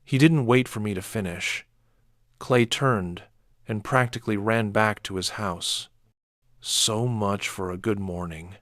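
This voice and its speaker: A man narrating a first-person horror story in a measured, dark way. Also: on the low side, dry recording, studio quality.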